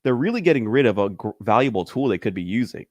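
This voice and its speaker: A man's voice: medium pitch, expressive, fast talker, darkish tone, no echo. A man in casual conversation, talking loosely with lots of fillers and frequent laughs. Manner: loose and rambling, heavy on fillers, laughs often. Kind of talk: casual chat.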